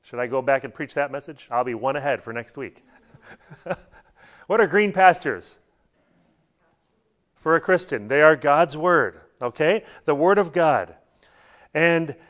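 A man delivers a sermon in an easy, talk-like manner, weaving in anecdotes. His voice sits a little on the high side. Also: lively intonation, slow, long pauses. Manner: conversational preaching with anecdotes and light laughs. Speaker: pastor.

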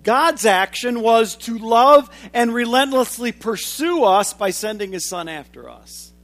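A preacher in his forties giving a sermon, swinging from loud, emphatic lines to hushed, low ones. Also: animated, measured pace.

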